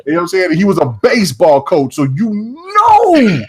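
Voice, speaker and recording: A man's voice: high-pitched, moderate pace, a crowd in the background. A man hosting a casual podcast, telling stories with lots of swearing and stretched-out words. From Southwest United States. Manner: animated storytelling, heavy swearing, drawls for effect. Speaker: podcast host.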